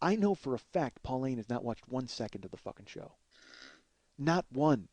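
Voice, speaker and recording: A man in his forties, a comedian and podcast host, telling a profane comic story in an animated way, swearing often and laughing as he goes. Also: mid-range voice, moderate pace, no room sound. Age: 40s.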